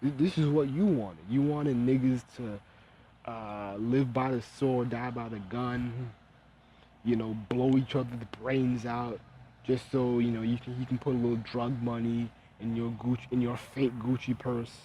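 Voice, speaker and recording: A man vlogging his opinions with a mellow, warm tone. He rants bluntly and curses freely. He speaks at a middle pitch with a heated, unfiltered edge. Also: fairly even intonation, unhurried, a little hiss or hum, poor audio. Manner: blunt, profane, heated ranting. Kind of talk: casual opinion monologue.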